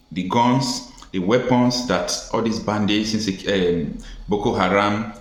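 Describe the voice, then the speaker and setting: A Nigerian man giving an emphatic, deliberate political commentary monologue, pausing often. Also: on the low side. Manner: emphatic, deliberate, with pauses and fillers. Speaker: commentary vlogger. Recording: echoey room.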